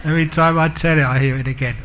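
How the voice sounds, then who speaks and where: A man's voice: on the high side, steady tone, rapid-fire, fairly bright tone, slight background noise. A man giving a humorous Buddhist dharma talk as a monk teacher, telling stories and acting out the characters. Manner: humorous, self-mocking.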